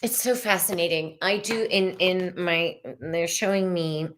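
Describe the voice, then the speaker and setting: A middle-aged woman giving a slow, meandering live-stream tarot reading, soothing and full of fillers. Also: lowish voice, fairly bright tone. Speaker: tarot reader.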